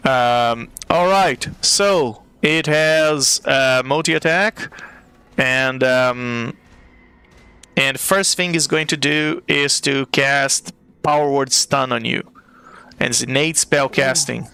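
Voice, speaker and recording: A man running a tabletop game as game master, narrating at an easy pace with frequent pauses to think. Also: medium pitch, pushed and bright, clean tone, dry recording. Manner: unhurried, with many fillers and restarts.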